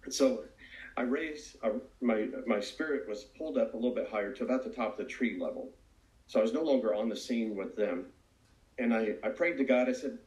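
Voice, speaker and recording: A man's voice: on the low side, brisk, a little mellow. A man giving an earnest, reflective personal testimony as a recovery speaker. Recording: roomy echo.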